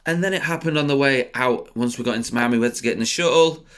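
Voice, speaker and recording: A young man doing sit-down comedy, rambling and swearing, laughing at his own jokes and bursting into loud high outbursts. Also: fast. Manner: rambling, swearing, many fillers.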